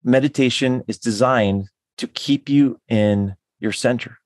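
A man's voice: mid-range voice, unhurried, no room sound, clean studio sound. Enthusiastic man with restarting speech. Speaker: guest, tantric counselor. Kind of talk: podcast interview.

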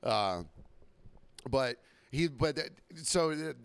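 Smooth-voiced man ranting casually. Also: mid-range voice, animated, slow pace. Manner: profane, rambling, exasperated. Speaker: podcast host. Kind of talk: casual storytelling monologue.

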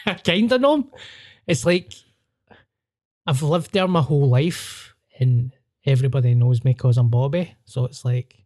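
A comedian telling sweary, laughing stories in a casual podcast chat. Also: male voice, medium pitch, measured pace, pauses often, a little mellow.

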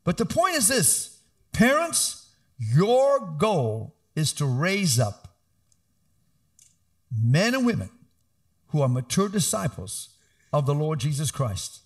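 A middle-aged male pastor preaching an animated sermon with emphatic calls to the congregation. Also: on the high side, slow, long pauses.

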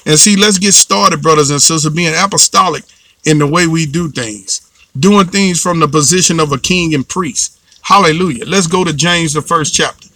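Fervent preacher man, bright forceful voice. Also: a little high, normal speed, no echo. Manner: fervent, repetitive exhortation with call-and-response. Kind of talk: sermon.

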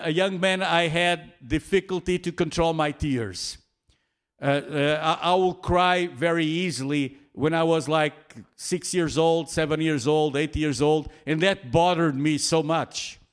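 A man preaching with a slightly high voice, taking his time. He restarts his sentences often and fills pauses, letting small chuckles slip in. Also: clean tone. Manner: halting, many restarts and fillers, chuckles often. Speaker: pastor. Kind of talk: sermon.

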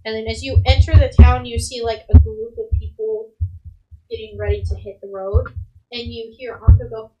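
A woman's voice: a little high, little pitch movement, normal speed, warm tone, dull audio, faint music behind. A woman narrating a tabletop game as game master, chatty and giggly, with many fillers.

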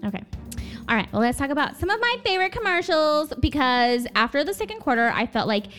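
A woman's voice: sits high, very animated, fast, a bit bright, faint music behind. A young woman co-hosting a podcast, chatting casually and giggling, with lots of filler words. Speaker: podcast co-host. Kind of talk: casual chat.

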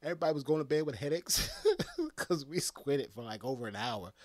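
A man ranting in a casual comedic style, laughing often and swinging between loud outbursts and near-whispers. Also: mid-range voice, lively intonation, a little fast, no echo. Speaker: comedic commentator.

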